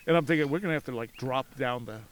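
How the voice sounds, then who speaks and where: A man telling a story as a podcast guest outdoors at a cemetery, animated, acting out voices in his anecdotes and laughing often. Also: medium pitch, fast talker. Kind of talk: casual storytelling.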